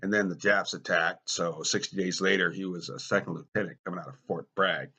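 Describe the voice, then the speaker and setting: A middle-aged American man with a low, husky voice tells personal stories in a dry, deadpan way. His tone is bright and forceful, and the humor stays wry. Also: brisk. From United States. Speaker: storyteller. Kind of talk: stand-up style personal storytelling.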